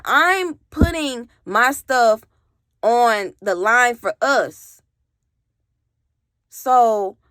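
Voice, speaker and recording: A woman's voice: fairly high pitch, fairly bright tone, dry recording, clean studio sound. A woman vlogger telling a personal story in a casual storytime monologue, emphatic, swearing freely and talking straight to her viewers. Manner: addresses viewers directly.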